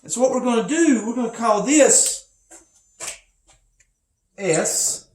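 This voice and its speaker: A man's voice: extremely high pitch, lively intonation, slow pace, darkish tone. A man teaching physics from home, talking casually and rambling into asides. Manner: rambling, chatty, with many asides. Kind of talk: casual recorded lecture. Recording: echoey room, faint noise.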